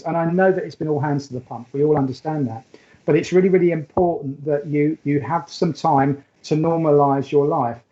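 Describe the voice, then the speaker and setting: A man's voice: fairly high pitch, dark tone, muffled recording. A man giving a live spiritualist mediumship reading, chatty and affectionate, rambling with fillers and restarts. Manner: chatty and affectionate, calls the sitter "my darling".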